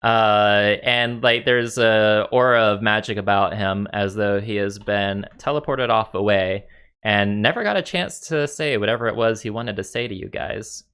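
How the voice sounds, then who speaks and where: A man's voice: on the low side, normal speed, a bit bright, smooth. A man narrating as game master in a casual, rambling way with many fillers. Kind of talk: narrating a tabletop game over voice chat.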